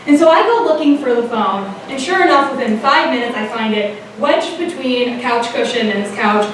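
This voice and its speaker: A young woman telling a funny story on a theater stage, animated and laughing as she acts out her friends. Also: a little high, normal speed, few pauses, distant mic, background noise. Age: young adult. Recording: very echoey theater from afar.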